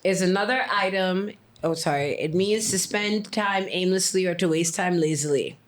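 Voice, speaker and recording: A woman co-hosting a podcast, chatting casually, animated and quick with asides. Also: on the low side. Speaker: podcast co-host. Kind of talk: casual chat. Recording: echoey room.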